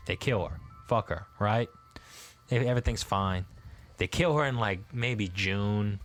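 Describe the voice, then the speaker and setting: A man's voice: on the low side, normal speed, a bit bright, faint music behind. A man from Louisiana, a guest historian, telling a local legend in a casual, rambling and profane way, with many restarts. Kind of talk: casual storytelling.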